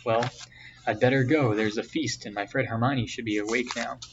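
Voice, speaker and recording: A man's voice: mid-range voice, steady tone, moderate pace, natural voice. A man reading aloud, giving a young wizard schoolboy a plain, friendly voice. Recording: distant, dull, faint hiss.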